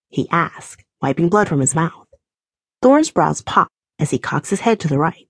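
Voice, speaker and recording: A woman narrating a first-person romance audiobook with an emotional, animated reading. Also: on the low side, moderate pace, slightly rough, dry recording, clean studio sound.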